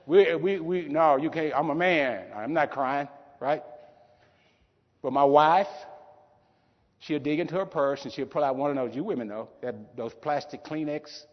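This middle-aged keynote speaker's voice sits a little high and moves a little slowly, with a faint hiss or hum in the background. His motivational talk relies on heartfelt stories and repeated key phrases, captured with dull sound in a reverberant hall.

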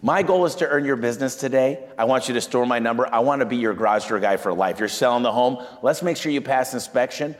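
Male business owner, energetic storyteller, medium pitch, reverberant room. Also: fast, hardly any pauses. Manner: energetic storyteller, acts out quoted clients in a higher voice. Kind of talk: animated business talk.

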